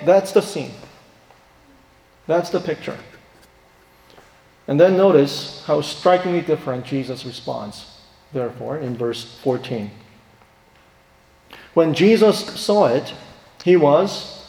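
A man's voice: on the high side, animated, unhurried, long pauses, warm tone. A man preaching a sermon with emphasis and rhetorical questions. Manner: emphatic, rhetorical questions, acts out quoted voices. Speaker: pastor. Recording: roomy hall with long reverb.

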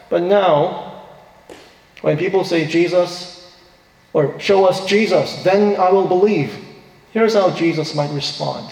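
A man's voice: sits high, slow, vocal fry, long pauses, a little mellow. A male pastor preaching a sermon in a church, earnest, his voice rising when he quotes scripture. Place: church sanctuary. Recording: echoey hall, distant reverb.

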